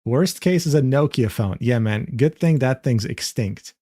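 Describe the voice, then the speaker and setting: Young male streamer, animated mid-range voice, incredulous and profane. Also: mid-range voice, measured pace. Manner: incredulous, swearing, laughs often. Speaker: streamer reacting to a clip. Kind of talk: casual reaction commentary.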